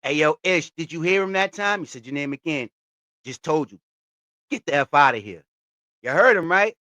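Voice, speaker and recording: Animated reaction host with lively pitch. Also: male voice, normal speed, no room sound. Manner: animated, laughing, repeats lines and hypes them up. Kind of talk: casual reaction commentary.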